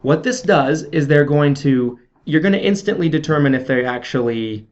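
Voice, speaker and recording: A man's voice: on the high side, lively intonation, normal speed, a little mellow. A man giving a casual video sales training, coaching viewers in a chatty way with frequent check-ins and fillers. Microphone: camera video. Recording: slightly dull lo-fi audio.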